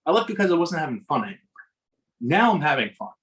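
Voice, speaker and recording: A man's voice: on the high side, big pitch swings, quick pace, a bit bright, low-quality recording. A middle-aged man, an umpire guest on a podcast, telling reflective stories in a rambling way with many restarts. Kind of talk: casual storytelling in interview.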